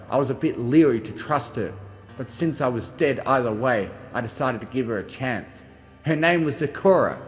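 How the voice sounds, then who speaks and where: A man narrates a story journal aloud, his delivery expressive and moving between gruff and frightened. His voice sits in the middle range. A long reverb trails his words, and faint music plays underneath. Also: mid-range voice. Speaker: audiobook reader. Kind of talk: first-person audiobook narration of a journal.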